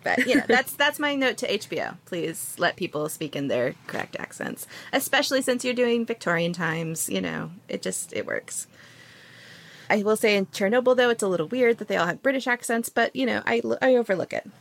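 A woman's voice: mid-range voice, expressive, fairly quick, vocal fry, a bit bright. A woman hosting a casual podcast chat, chatty and laughing often. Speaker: podcast host.

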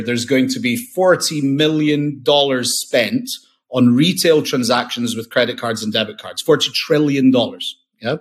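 A man, a company founder, talking casually and enthusiastically as a podcast guest, often restarting and repeating words. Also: medium pitch. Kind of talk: casual interview talk.

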